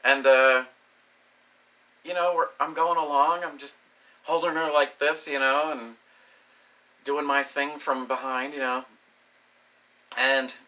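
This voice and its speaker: A man's voice: medium pitch, bright, forceful tone, rough recording. A man telling a crude personal story as a rambling, profane vlog monologue, laughing often and saying "you know" a lot. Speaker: vlogger.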